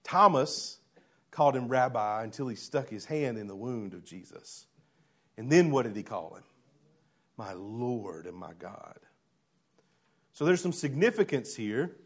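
A pastor preaching a sermon, swinging between loud emphatic lines and quiet low ones while asking the congregation rhetorical questions. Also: male voice, lively intonation, normal speed.

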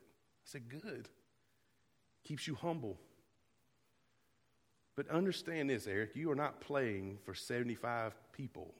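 A man pastor preaching a sermon to his church, earnest, dropping to a hush and rising to loud, fervent calls. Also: mid-range voice, animated, measured pace, pauses often, long reverb tail. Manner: earnest, swings from hushed to loud. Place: church sanctuary.

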